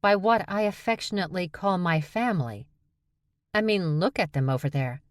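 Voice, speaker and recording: A woman reading an audiobook, voicing a blunt, sharp-tongued young woman who sounds exasperated and matter-of-fact. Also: fairly low pitch, lively intonation, normal speed, no echo, clean studio sound, voice pushed up, lightly acted.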